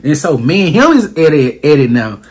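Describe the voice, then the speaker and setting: A man's voice: a little high, brisk, slightly rough. A young man telling a story casually in slangy talk, acting out what people said. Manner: animated, slangy, acts out quotes with voice jumps. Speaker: storyteller vlogger.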